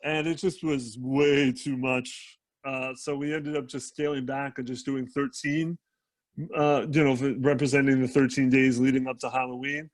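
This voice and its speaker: A man co-hosting a casual gaming podcast, telling stories in a halting way full of fillers. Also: medium pitch, flat delivery, dry recording. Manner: halting, filler-heavy storytelling. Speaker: podcast co-host.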